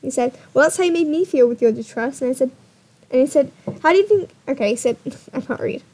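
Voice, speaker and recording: A woman's voice: high-pitched, fast, dark tone. A young woman YouTuber telling a dating story in a casual, exasperated vlog style, often laughing.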